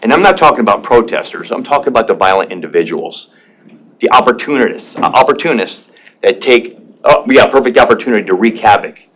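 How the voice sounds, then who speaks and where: A man's voice: medium pitch, animated, fairly quick, fairly bright tone. A man speaking in public comment at a county board meeting, emotional and defensive, often repeating himself and restarting. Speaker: public commenter, veteran and business owner.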